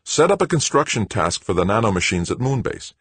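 A man's voice: lowish voice, sing-song, fairly quick, slightly rough, dry recording, pitched above the performer's own voice. A man putting on a pushy eager young executive. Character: eager scheming businessman son, adult male.

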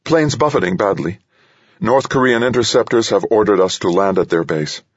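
A man's voice: fairly low pitch, huge pitch swings, moderate pace, gravelly, breathy edge, no echo, muffled recording, voice pushed up, exaggerated voice. A man voicing a tense female air force colonel pilot, clipped and urgent.

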